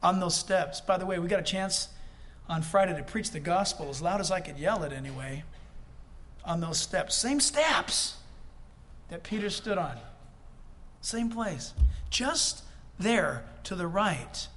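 A man's voice: high-pitched, lively intonation, moderate pace, fairly bright tone. A male preacher delivering a sermon, reading scripture aloud and breaking off into conversational asides to the congregation.

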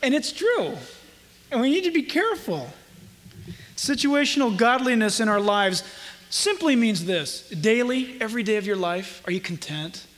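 A man preaching a sermon as pastor, with impassioned delivery and emphatic, drawn-out quotations. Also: very high voice, big pitch swings, fairly bright tone, long reverb tail, slight background noise.

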